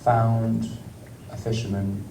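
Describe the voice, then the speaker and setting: A man's voice: on the low side, level tone, gravelly, noisy background. A man with a British accent, speaking in an on-stage Q&A with many fillers, restarts and frequent laughter. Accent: British English. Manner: halting, rambling, lots of fillers and restarts, laughs often. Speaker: actor, festival guest. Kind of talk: on-stage Q&A conversation. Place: festival stage in a large room. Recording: roomy hall sound, miked from far off.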